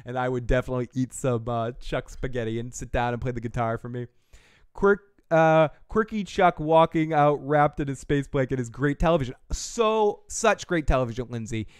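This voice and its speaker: A man hosting a podcast review livestream, rambling and excitable, swearing casually and answering chat comments. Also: medium pitch, normal speed, smooth, no room sound, clean studio sound. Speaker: podcast host reviewing a TV episode.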